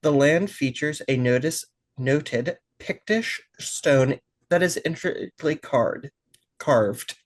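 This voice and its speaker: A man's voice: on the high side, takes it slowly. A man hosting a podcast, chatting casually and reading out a dramatic intro, a bit tipsy and tripping over words now and then. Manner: chatty, laughs easily, stumbles over words. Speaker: podcast host. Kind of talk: casual chat and read-out episode intro.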